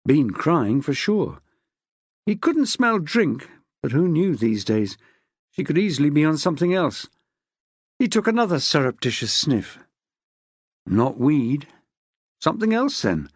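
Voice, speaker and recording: Expressive woman audiobook narrator. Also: low voice, unhurried, long pauses, husky, dry recording, studio quality. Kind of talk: scripted narration.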